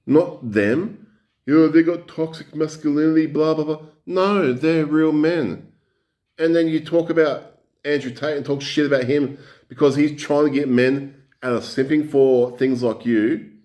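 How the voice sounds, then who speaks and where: A man's voice: a little high, steady tone, unhurried, darkish tone. Blunt, swearing man ranting. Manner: angry, blunt, heavy swearing. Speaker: commentator reacting to clips. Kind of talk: ranting reaction commentary.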